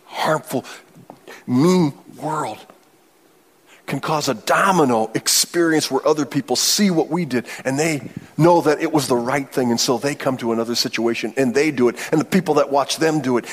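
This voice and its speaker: Male pastor, middle-aged, husky tone, lively storytelling sermon delivery. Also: medium pitch, moderate pace. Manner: storytelling, animated, laughs often.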